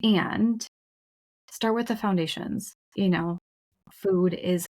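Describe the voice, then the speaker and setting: Frank woman co-host, mid-pitched, candid storyteller with occasional cursing. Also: slow pace, a little mellow. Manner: frank, emphatic, casual swearing. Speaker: podcast co-host.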